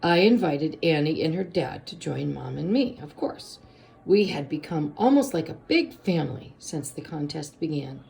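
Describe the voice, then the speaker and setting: A woman reading a children's storybook aloud in a steady first-person narration. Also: low-pitched, normal speed, vocal fry.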